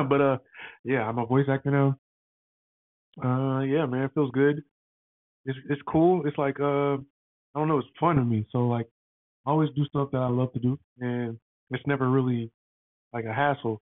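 A man hosting a casual podcast, talking in an excitable, rambling way full of slang and fillers. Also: mid-range voice, normal speed, long pauses. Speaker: podcast host. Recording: dry, tinny phone-like sound.

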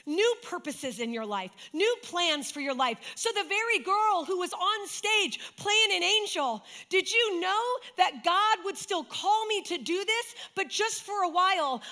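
A woman preaching a sermon with passion, sinking to a soft hush when she retells a story. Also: very high voice. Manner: impassioned, dropping to a soft hush for dramatic retellings. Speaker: speaker. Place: church.

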